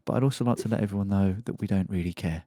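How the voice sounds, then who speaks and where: A man's voice: low-pitched, very fast, mellow, no room sound, clean studio sound. A man hosting a casual podcast, joking and rambling while reading a news story aloud. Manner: joking, rambling, laughs often. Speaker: podcast host.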